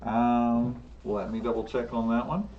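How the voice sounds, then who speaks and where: A man narrating a tabletop game as game master, unhurried and laughing often. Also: mid-range voice, level tone, distant mic. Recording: dull lo-fi sound, faint room noise.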